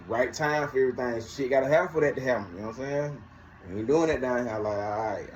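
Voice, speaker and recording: A man's voice: medium pitch, rapid-fire, a little mellow, dull audio, a little hiss or hum. A man from Georgia, telling his story casually and profanely, acting out both sides of each conversation. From Georgia, USA.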